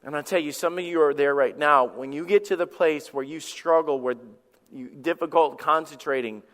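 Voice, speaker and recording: Male pastor, slightly high voice, casual storytelling sermon, big reverberant church sound. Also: fairly bright tone. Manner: conversational preaching with repetitions and personal stories. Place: church sanctuary. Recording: long church hall reverb.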